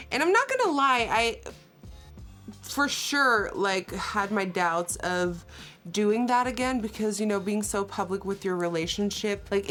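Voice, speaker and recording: A young woman tells a story in a bubbly, animated way as she does her makeup. Her voice sits in a middle register and keeps jumping into little acted-out quotes. Soft music plays faintly underneath. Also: mid-range voice. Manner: animated, acts out quotes, fast asides. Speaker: beauty vlogger. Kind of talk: casual storytelling while doing makeup.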